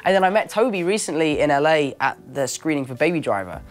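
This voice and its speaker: A man's voice: fairly high pitch, fast. A young man from London with an English accent, telling stories as an actor guest in a casual interview and acting out other people's voices. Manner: animated storyteller who acts out other voices.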